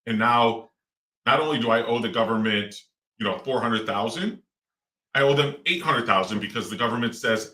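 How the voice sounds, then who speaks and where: A man's voice: medium pitch, normal speed, sharp tone. A middle-aged man, a real estate investor and guest, talking casually in a rambling way with lots of fillers and restarts. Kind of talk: casual interview talk. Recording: roomy echo, distant mic.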